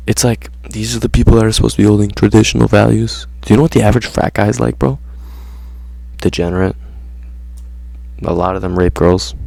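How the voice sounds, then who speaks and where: A man's voice: on the low side, creaky, darkish tone, no room sound. A man ranting casually to his viewers in slangy, profane talk, saying "bro" constantly. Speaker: vlogger. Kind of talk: casual rant to camera.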